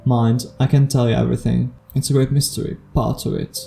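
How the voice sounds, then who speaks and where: Narrator doing big gruff kindly giant gamekeeper, blustery and homely, dark low storybook voice. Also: male voice, little pitch movement, brisk, slight background noise, close to an everyday voice. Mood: worried. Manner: blustery, homely turns of phrase.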